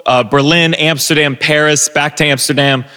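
A man telling a self-deprecating personal story on a live stage, animated, with stumbling restarts. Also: a little high, moderate pace, smooth, big-room sound, faint music behind. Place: live stage before an audience.

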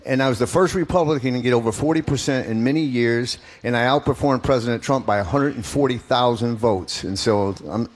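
Middle-aged guy, emphatic candidate answering interview questions, mid pitch. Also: a little fast, hardly any pauses. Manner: emphatic, personal storytelling. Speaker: political candidate guest.

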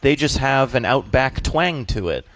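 A man's voice: medium pitch, a little slow, slight background noise. A young male comedian from the Boston area with a light Boston accent, chatting as a guest in an interview and acting out little voices in his stories. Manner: animated, jokey, acts out voices in anecdotes. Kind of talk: casual interview chat.

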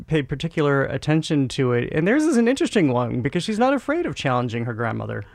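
A man hosting an interview, speaking with friendly enthusiasm and quick asides. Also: on the high side, huge pitch swings, vocal fry, a little mellow, dry recording. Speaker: interview host. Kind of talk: conversational interview.

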